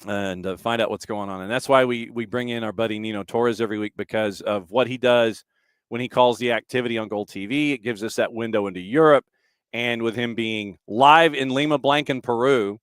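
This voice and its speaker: A man hosting a casual soccer podcast, relaxed as he runs through betting odds like a list. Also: lowish voice, brisk, smooth, no echo. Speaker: podcast host. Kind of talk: casual chat.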